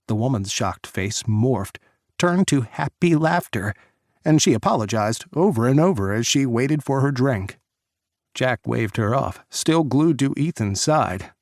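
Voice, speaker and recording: A man narrating an audiobook in measured, dramatic storytelling. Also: mid-range voice, creaky, dry recording, studio quality. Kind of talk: scripted narration.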